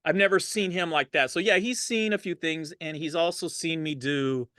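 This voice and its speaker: Middle-aged guy chatting easy in an interview, laughs a lot, bright tone. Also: fairly high pitch, normal speed, no room sound, clean studio sound. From Los Angeles. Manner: laid-back, laughs often, animated when quoting others. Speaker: DJ, interview guest. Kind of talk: casual storytelling interview.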